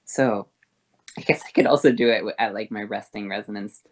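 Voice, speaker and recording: Creaky woman voice teacher, shifting tones. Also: rumbling low, steady tone, a little fast. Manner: switches between harsh fry and soft breathy tones. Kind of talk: explaining and demonstrating voice exercises.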